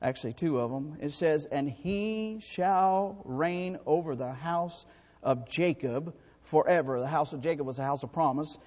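A man preaching a sermon, emphatic and repetitive, his voice climbing louder and higher to drive home points. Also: unhurried. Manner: emphatic, rises in pitch and volume for rhetorical points; repeats and restarts words while preaching. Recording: long hall reverb.

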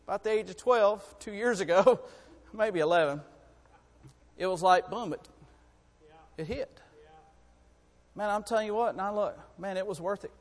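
High-voiced preacher in echoing hall. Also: male voice, moderate pace, pauses often. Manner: folksy, building to fervent shouting. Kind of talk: folksy sermon.

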